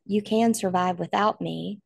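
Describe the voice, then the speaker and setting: A woman voicing a trapped father who speaks slowly, quietly and weakly, his voice trembling. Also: medium pitch, steady tone, gravelly, dry recording, clean studio sound. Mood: gentle, resigned. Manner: quiet, weak, trembling, slow.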